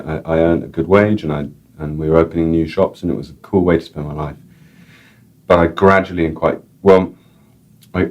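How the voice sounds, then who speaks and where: A man's voice: extremely low pitch, darkish tone. A male author and editor, a guest in an interview, talking casually in a rambling way with repeated words and many "like"s. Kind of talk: casual chat and reading aloud.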